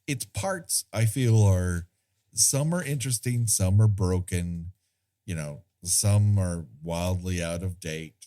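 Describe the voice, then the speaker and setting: Slow, low-voiced man rambling. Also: mellow. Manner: rambling, searching for words, self-deprecating. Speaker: podcast co-host. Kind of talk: casual film discussion.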